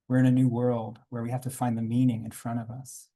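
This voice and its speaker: A man reading aloud from his own graphic memoir at a conference panel, quiet and reflective, with small asides to the audience. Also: mid-range voice, monotone, fairly quick. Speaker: comics artist reading his work at a panel.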